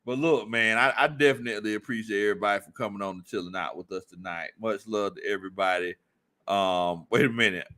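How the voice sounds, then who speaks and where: A man hosting a casual sports livestream, reading viewer comments aloud and breaking into loud laughter. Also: lowish voice, quick pace. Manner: laughs often, loud animated outbursts. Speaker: sports stream host.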